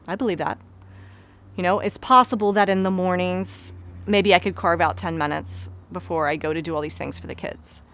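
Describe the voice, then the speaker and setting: A woman's voice: mid-range voice, creaky. A woman, a busy mother in her thirties, giving earnest, conversational self-help advice as a life coach. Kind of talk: motivational self-help talk.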